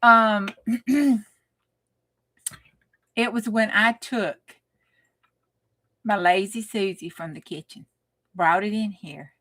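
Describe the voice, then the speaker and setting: A woman's voice: mid-range voice, fairly even intonation, unhurried, pauses often, fairly bright tone. A woman with a twang hosting a casual late-night crafting live stream, joking, bawdy and laughing as she greets viewers by name.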